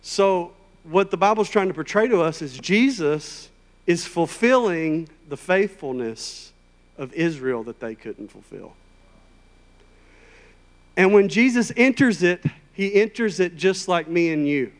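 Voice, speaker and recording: A man preaching a sermon in a conversational, emphatic way, rising to loud, high peaks. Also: animated, unhurried. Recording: long hall reverb.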